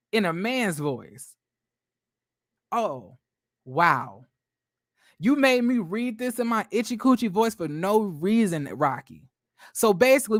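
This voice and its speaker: Animated, profane male gossip host. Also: high-pitched, no echo, studio quality. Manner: animated, profane, stammering restarts. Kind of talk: celebrity gossip commentary.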